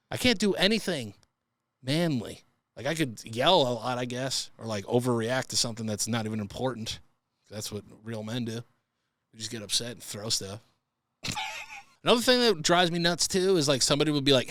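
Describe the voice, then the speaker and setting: A man's voice: mid-range voice, sing-song, fairly quick, a bit bright, no room sound. A young adult man hosting a podcast, telling comic stories in a profane, exasperated rant. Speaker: podcast host. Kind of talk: comedic storytelling monologue.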